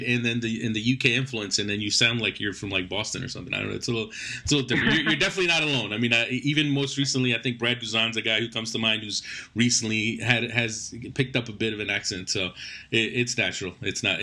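A man's voice: medium pitch, fairly even intonation, fast talker, pushed and bright. A man hosting a sports talk show, interviewing a guest in a rambling way and repeating words as he restarts.

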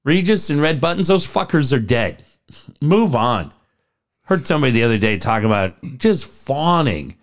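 A man's voice: medium pitch, normal speed. A man co-hosting a talk radio show, telling rants and stories full of swearing and reading ads between them. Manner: profane, animated storytelling rants. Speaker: radio co-host. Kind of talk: casual talk radio with live ad reads.

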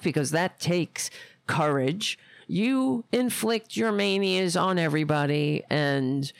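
A woman's voice: medium pitch, gravelly, dry recording. A woman hosting a casual political commentary stream, indignant and profane, rambling with frequent restarts. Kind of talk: casual political rant livestream.

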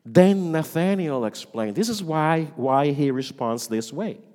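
A man preaching a sermon as pastor, dramatic, swinging between loud lines and hushed ones. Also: a little high, animated, measured pace. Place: church sanctuary. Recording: long reverb of a church hall.

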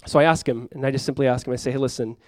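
A man's voice: mid-range voice, fairly even intonation, rapid-fire, no echo, rough recording. A male pastor preaching a sermon, telling a story conversationally and now and then rising into sudden emphasis.

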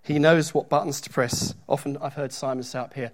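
A man's voice: medium pitch, fairly even intonation, a little fast, few pauses. Guy preaching in church, middle-aged, chatty with little jokes, reads the bible bits out with punch. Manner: conversational, joking asides, reads scripture aloud with emphasis. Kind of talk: sermon.

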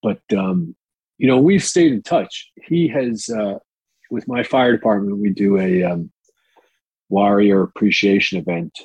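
A man's voice: lowish voice, unhurried, darkish tone, husky, no room sound, highs cut off. A man telling candid, rambling anecdotes in a casual interview, profane and full of fillers, on a close mic. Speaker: actor and guest.

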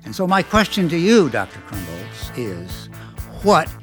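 A man's voice: on the high side, wildly swooping pitch, measured pace, soft background music, pitched above the performer's own voice. A man voicing an exasperated adult woman who complains emphatically about men.

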